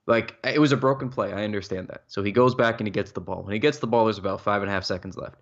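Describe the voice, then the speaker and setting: Young male podcast co-host, heated ranter with a low voice, slightly dull lo-fi sound. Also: steady tone, fast talker. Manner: heated, ranting, swears freely. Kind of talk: casual sports chat.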